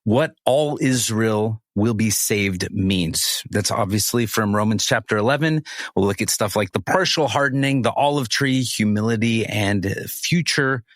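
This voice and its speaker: A man's voice: on the low side, a little slow, no room sound, studio quality. A man co-hosting a podcast who guides the conversation in an upbeat way and laughs easily. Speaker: podcast co-host.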